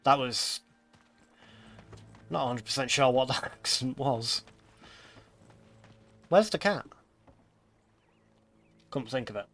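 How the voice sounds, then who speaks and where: Chatty gamer with bright voice. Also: male voice, mid-range voice, steady tone, moderate pace, long pauses, soft background music. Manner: joking, chatty, swears freely. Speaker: gaming streamer. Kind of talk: casual let's-play commentary.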